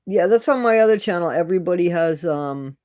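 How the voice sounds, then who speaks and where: A man's voice: high-pitched, animated, a little fast, darkish tone, no echo. A middle-aged man chatting casually with viewers on a live stream, greeting them by name and repeating his phrases.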